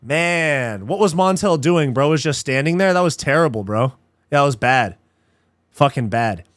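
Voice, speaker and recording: A young man with a slightly higher voice hosts a live fight watch-along, fired up and frustrated by the action. He swears freely and keeps saying dude and bro. The sound is dry and close, with no room around it. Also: lively intonation, a little slow, fairly bright tone, dry recording. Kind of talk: casual live commentary.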